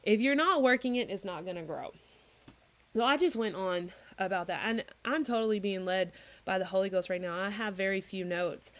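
A woman in her thirties preaching in a casual, chatty way, earnest and animated as she acts out little dialogues. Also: medium pitch, normal speed. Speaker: Christian podcast host. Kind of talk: informal preaching monologue.

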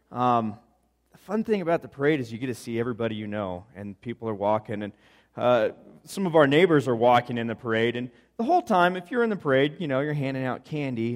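A man preaching a sermon, telling stories in an animated, chatty, playful way. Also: mid-range voice. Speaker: pastor. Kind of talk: conversational sermon storytelling.

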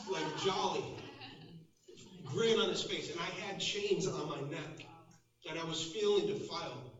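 A man with a fairly high voice shares a personal testimony from the pulpit, pausing and restarting his sentences as he goes. He sounds far from the mic in a strongly echoing room. The recording is dull. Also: background noise. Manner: halting, with restarts and fillers. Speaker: preacher sharing testimony.

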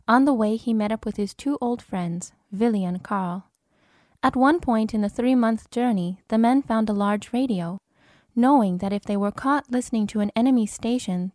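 A woman narrating an audiobook in a measured, expressive way. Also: medium pitch, dry recording, studio quality. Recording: narration over film score.

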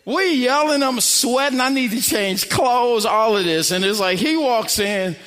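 A man's voice: extremely high pitch, animated, a little slow, hardly any pauses, a bit bright, long reverb tail. A man preaching a sermon, telling a story with acted-out quotes and building to emphatic, repeated lines.

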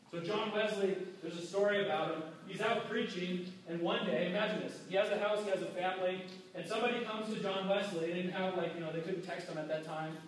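A man preaching a casual, animated sermon with restarts, acting out quoted voices. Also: high-pitched, a little hiss or hum. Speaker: pastor. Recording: very echoey hall, mic far off.

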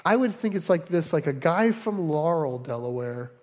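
A man's voice: on the high side, lively intonation, moderate pace, in a large hall. A man preaching a sermon as pastor, teaching in a conversational way with frequent asides to the congregation. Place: church hall in Delaware.

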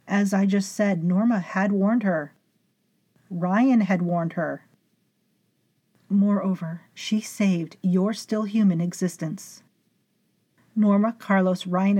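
A woman narrating a story in a measured, dryly amused way. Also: medium pitch, darkish tone. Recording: faint music behind.

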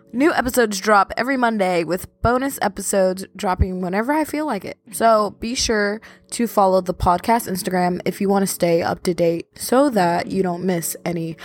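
A young adult woman hosting a podcast in a casual, rambling, self-deprecating chat. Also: fairly low pitch. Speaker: podcast host.

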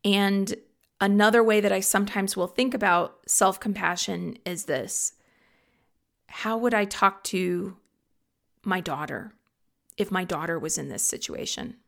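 A middle-aged woman hosting a reflective solo talk, earnest and gently confiding as she shares personal thoughts. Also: mid-range voice, a little slow, creaky.

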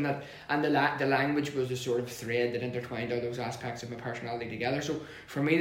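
A man with a Northern Irish accent telling his life story in an interview, earnest and reflective, with frequent fillers and restarts. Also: medium pitch. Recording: echoey room.

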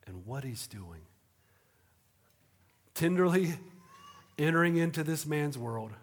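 A man preaching a sermon in a conversational way, moving between hushed moments and animated bursts. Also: a little high. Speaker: pastor. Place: auditorium. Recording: reverberant auditorium.

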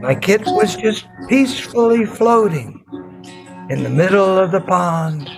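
A man telling a folktale in an improvised, slow and measured storytelling manner. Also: sits high, animated, vocal fry, over music, rough recording. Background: veena accompaniment.

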